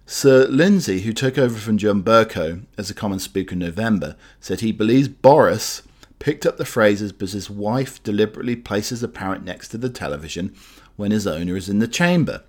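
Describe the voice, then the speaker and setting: A man's voice: fairly low pitch, animated, brisk, darkish tone. A man hosting radio, chatting and reading news items in a rambling, hesitant way with many fillers. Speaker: radio host.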